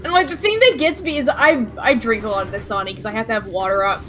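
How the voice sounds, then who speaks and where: A woman's voice: on the high side, quick pace, a crowd in the background. A woman chatting casually with friends on a stream, swearing often as she tells a story. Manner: swears a lot, animated storytelling. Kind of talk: casual chat.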